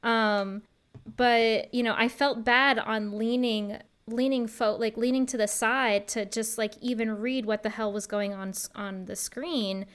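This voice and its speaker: A woman speaking slowly and smoothly as she hosts a casual podcast chat. She talks with frequent fillers and easy asides. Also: fairly high pitch, fairly even intonation, a bit bright. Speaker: podcast host.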